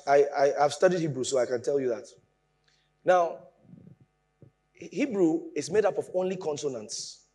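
A man preaching a sermon, explaining with lively emphasis that rises from quiet asides to raised points. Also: a little high, husky.

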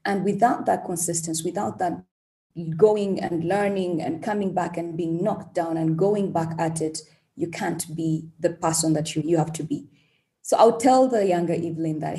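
A woman's voice: lowish voice, normal speed, warm tone. A young woman, speaking as a guest in a podcast interview, earnest and openly emotional. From Uganda. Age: young adult. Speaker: tech entrepreneur guest.

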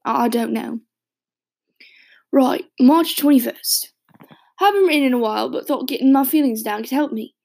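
A woman acts out a raspy, gravelly British man, a longtime smoker, in an audio drama monologue. His voice sits fairly high and has a rough fry, and he talks in hesitant, rambling stops and restarts. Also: a little mellow. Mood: reading aloud. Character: raspy adult male smoker reading his childhood diary.

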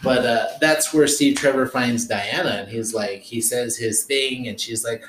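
A man's voice: medium pitch, moderate pace, few pauses. A man co-hosting a casual podcast chat, rambling loosely and swearing freely as he recaps the story. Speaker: podcast co-host. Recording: roomy echo with faint noise.

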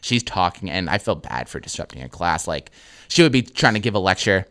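A man's voice: sits low, very animated, brisk, fairly bright tone. Laid-back man telling a story. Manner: laid-back, heavy swearing, lots of "like". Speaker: podcast co-host. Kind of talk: casual comedic storytelling.

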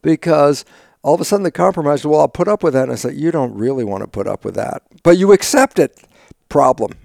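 An older man talks as an interview guest, his voice gravelly and a touch high for a man. He acts out his own dialogue, breaks into sudden loud bursts and laughs often. The recording is dry and close, with no room sound. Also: animated, fast, no echo. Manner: laughs often while talking. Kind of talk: animated conversational storytelling.

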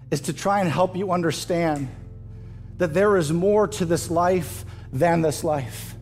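A male pastor preaching a sermon to his church, impassioned and rising loud at emotional peaks. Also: fairly high pitch. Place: church stage.

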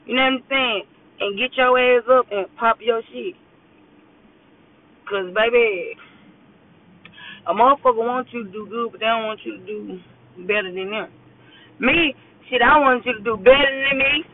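A woman's voice: a little high, normal speed, long pauses. A woman talking casually while driving to work, giving a blunt, profane motivational talk and often asking "you know what I'm saying". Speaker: podcast host. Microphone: phone. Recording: tinny phone-quality voice message.

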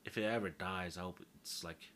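A man's voice: sits low, fairly even intonation, brisk, a bit bright, slight background noise. A man, rambling through a casual solo monologue, crude and joking, swearing freely and poking fun at himself.

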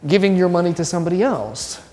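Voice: medium pitch, expressive, fast, dark tone, big-room sound. A religion teacher giving a classroom lesson in a conversational, joking way, quizzing students by name.

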